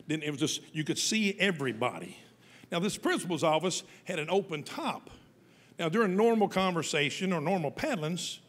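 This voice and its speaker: Man, husky forceful voice, folksy storyteller, echoey hall. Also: on the high side. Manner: lively, folksy, laughing between lines. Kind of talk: humorous live storytelling.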